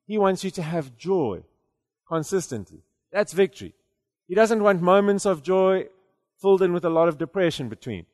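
High-voiced preacher in an echoing hall. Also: male voice, animated, normal speed, darkish tone. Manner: conversational, repeats words, rising to emphatic declarations. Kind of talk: sermon.

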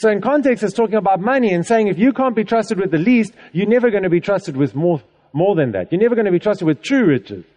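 A male preacher with a high, mellow voice delivers a sermon in a chatty, conversational way. He often checks in with the congregation and laughs as he talks. His voice carries a long reverb from a church hall. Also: animated, fast.

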